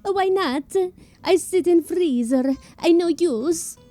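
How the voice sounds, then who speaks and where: A woman's voice: on the high side, expressive, very slow, mellow, faint music behind, full character voice. A woman voicing a stubborn elderly foreign woman customer who speaks in short, broken English phrases. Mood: indignant. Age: older.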